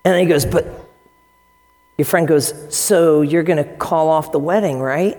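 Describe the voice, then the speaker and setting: A man preaching a sermon as pastor, telling stories with lively acted-out quotes. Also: a little high, moderate pace, long reverb tail. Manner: animated storytelling with acted-out quotes.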